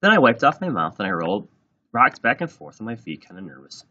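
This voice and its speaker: A man with a low, husky voice reads a children's storybook aloud, swooping lively through every line. His tone is bright and forward. The recording sounds dull and lo-fi. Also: fairly quick. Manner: animated, plays out every line. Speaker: reader. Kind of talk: children's book read-aloud.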